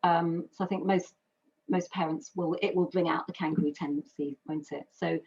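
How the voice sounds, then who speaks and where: A woman's voice: on the low side, steady tone, normal speed, darkish tone, husky. A British woman and carer giving an earnest, personal webinar talk, explaining with metaphors and lists. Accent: British English. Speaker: carer speaker. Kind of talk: webinar presentation. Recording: dull lo-fi webinar audio.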